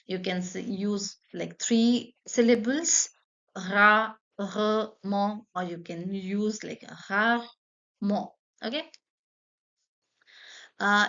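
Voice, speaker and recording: Woman, French teacher, patient step-by-step explanations, gravelly edge, slightly dull sound. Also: medium pitch, fairly bright tone. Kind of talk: online language lesson.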